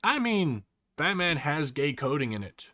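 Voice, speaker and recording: A man's voice: a little high, sing-song, unhurried, sharp tone, no room sound, clean studio sound. A young Australian man chatting casually on a live stream, rambling and opinionated with lots of fillers.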